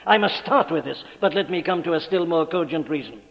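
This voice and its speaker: A man preaching a sermon in a church, speaking emphatically and building to forceful declarations. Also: a little high, expressive, a little fast, gravelly, few pauses. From Wales. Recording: dull archival recording in a large reverberant church.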